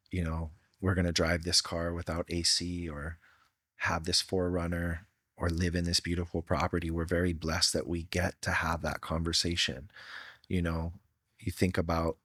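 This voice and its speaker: A man's voice: low voice, level tone, normal speed, a bit bright, dry recording, studio quality. A middle-aged man from Hawaii, a podcast guest telling personal stories in an earnest, heartfelt way with casual slang. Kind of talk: candid storytelling.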